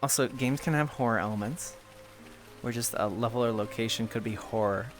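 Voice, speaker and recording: A man's voice: medium pitch, fairly quick, faint music behind. A man chatting casually on a stream, joking around and coaching another player through a game. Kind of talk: casual gaming chat.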